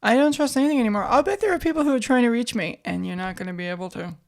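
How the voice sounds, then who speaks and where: A woman co-hosting a podcast in casual chat, wry and teasing with quick comebacks. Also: on the high side, lively intonation. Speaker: podcast co-host.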